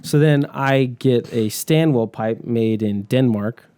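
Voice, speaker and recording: Young male co-host, warm mellow tone, loose rambling delivery with casual swearing and frequent laughter. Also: mid-range voice, takes it slowly, smooth. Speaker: podcast co-host. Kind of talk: casual chat.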